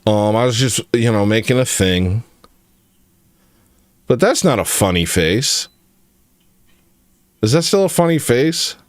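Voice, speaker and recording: A man hosting a casual livestream, rambling from joke to joke as he answers his chat. His pitch swings up and down a lot, and the sound is close and dry with no room echo. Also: animated, a little slow, pauses often. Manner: rambling, joking, reacting to chat. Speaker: livestream host.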